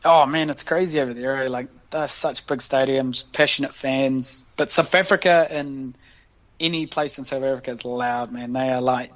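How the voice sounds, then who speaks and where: A man's voice: mid-range voice, fairly even intonation, normal speed. A man with a New Zealand accent, a podcast guest telling stories in casual, slangy chat and laughing often. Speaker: guest, professional rugby player.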